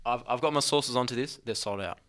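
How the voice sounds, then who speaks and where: A man's voice: mid-range voice, fairly quick, fairly bright tone. An Australian man co-hosting a casual sports podcast, an enthusiastic fan talking with a sore throat. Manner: enthusiastic, jokey fan talk. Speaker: podcast co-host. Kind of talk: casual chat.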